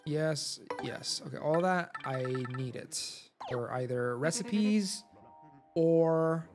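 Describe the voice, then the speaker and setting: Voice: medium pitch, expressive, slow pace. A game streamer giving live, rambling commentary, full of "like", while reading game text aloud. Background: video game music.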